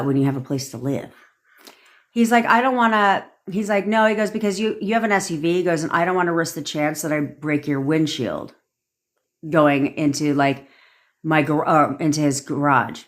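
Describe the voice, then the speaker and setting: A woman's voice: deep voice, steady tone, moderate pace. A woman, a manifestation coach, telling a story in a casual live-stream rant, swearing freely and repeating points for emphasis.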